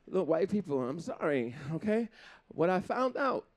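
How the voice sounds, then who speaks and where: Guy doing standup, high voice all over the place, laughs a lot, does goofy voices. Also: moderate pace, few pauses. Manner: animated, shifts into funny put-on voices; laughs between jokes. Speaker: stand-up comedian. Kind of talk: live stand-up comedy. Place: event stage with a live audience.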